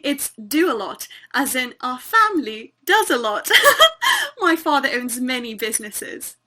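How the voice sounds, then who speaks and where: Girl doing a super posh english young woman, high bright voice, slow and giggly, video call. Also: wildly swooping pitch, heavily acted. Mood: chatty, giggly. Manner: giggly, prim, slow careful repeating. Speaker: accent student. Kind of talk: online student drama.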